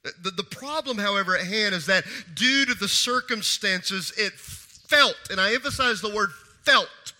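Pastor, male, high voice with a sharp, bright edge; sermon delivery with hushed lows and urgent highs. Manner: swings from hushed, slow emphasis to raised, urgent reading.

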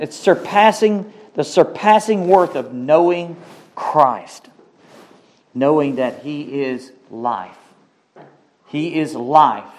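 Preacher guy giving a sermon, kinda high voice, keeps repeating lines for emphasis, asks the crowd stuff. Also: slight background noise. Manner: emphatic, repeats key phrases, asks the congregation questions; slows down to stress scripture quotes.

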